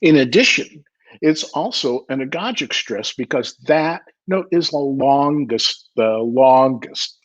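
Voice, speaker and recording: A man's voice: mid-range voice, husky. An older man giving an online percussion clinic, explaining musical stress and sometimes singing rhythm syllables. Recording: slightly muffled lo-fi audio.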